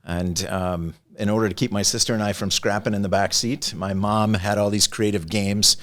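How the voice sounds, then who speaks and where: A man in his fifties with a very low voice talks as a podcast guest. He tells stories in a playful, joking way and slips easily into a mimic's tone. His delivery stays conversational and easy throughout. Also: fairly even intonation, moderate pace, a bit bright. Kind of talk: conversational storytelling.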